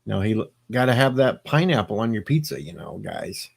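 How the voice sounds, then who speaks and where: A man's voice: lowish voice, big pitch swings, brisk, vocal fry, husky. A man on a late-night live stream, rambling and joking as he answers his viewers' chat. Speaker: livestreamer reading chat.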